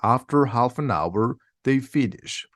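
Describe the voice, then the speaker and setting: Man, easy audiobook narration, steady and plain, mid pitch, dry close recording. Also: dry recording. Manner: slow, plain, steady reading. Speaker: reader.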